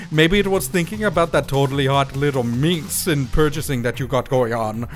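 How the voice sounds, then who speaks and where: Man reading a comic letter in a put-on accent. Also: on the high side. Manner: mock-advisory reading in a put-on foreign voice. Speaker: co-host reading comedic letters. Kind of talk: comedic reading and banter.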